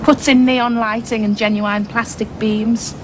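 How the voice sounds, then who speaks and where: An actress playing a snobbish suburban housewife who is easily flustered, huffy in private and sweetly polite on the phone, in studio sitcom style. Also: female voice, fairly high pitch, level tone, unhurried, close to an everyday voice. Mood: chatty. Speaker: sitcom character, hostess planning a dinner party. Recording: studio audience laughter, background noise.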